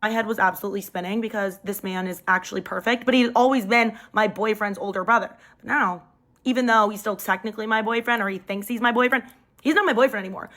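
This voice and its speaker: Lively young woman telling a storytime. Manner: lively, jumps up in pitch for quoted lines. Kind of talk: casual storytime to camera. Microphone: phone mic.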